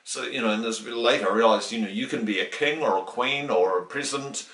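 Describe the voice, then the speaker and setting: A middle-aged man from New Zealand in a casual interview, telling a story and acting out the quoted voices with lively emphasis. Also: mid-range voice, a little fast. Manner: animated, acts out quoted dialogue, many restarts. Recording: roomy, distant from the mic.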